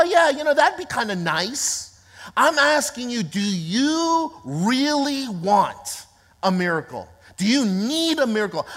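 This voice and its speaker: A woman pastor preaching an emphatic, repetitive sermon that builds to shouts. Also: fairly high pitch. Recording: long reverb of a large hall.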